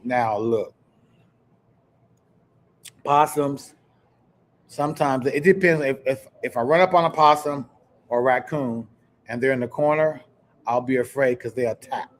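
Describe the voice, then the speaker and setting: Chatty animated male podcast host. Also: mid-range voice, measured pace, pauses often. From Kansas. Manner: animated storyteller, chatty, addresses viewers directly. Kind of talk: casual live-stream chat.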